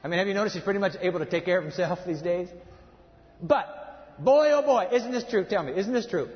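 A man preaching a sermon, emphatic, swinging between loud passages and hushed ones. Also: sits high, fast. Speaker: pastor. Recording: reverberant hall, dull sound.

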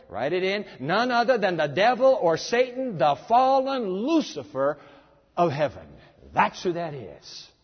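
A man preaching a sermon. He is emphatic and dramatic, and swings between loud stress and near-murmurs. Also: high-pitched. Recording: echoey hall, dull lo-fi sound.

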